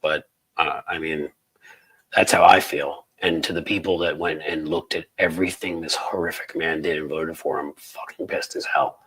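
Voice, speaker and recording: American guy on a livestream, low husky voice, ranty and sarcastic, lots of ums. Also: flat delivery, moderate pace, fairly bright tone, rough recording. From United States. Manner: angry, rambling, sarcastic, many fillers and restarts. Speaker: political livestream host. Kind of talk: casual livestream commentary reading viewer chats.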